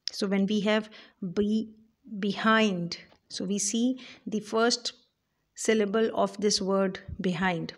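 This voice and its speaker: A woman giving a poetry lecture, talking deliberately with frequent fillers and restarts. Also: mid-range voice. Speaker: English literature lecturer.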